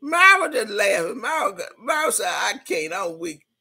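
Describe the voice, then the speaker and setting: A woman's voice: high-pitched, very animated, moderate pace, creaky, breathy edge. Rowdy laughing woman livestreamer. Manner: loud, laughing, rowdy party banter. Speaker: livestream host. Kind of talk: casual livestream chat reading comments.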